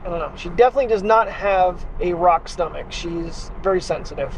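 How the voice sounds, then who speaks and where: A man's voice: high voice, brisk, a little hiss or hum. Rambling, worried man vlogging at home. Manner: rambling and worried, baby talk to his dog. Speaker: daily vlogger. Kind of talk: casual vlog talk to camera. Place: home and backyard at night. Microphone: handheld gimbal camera with wireless mic.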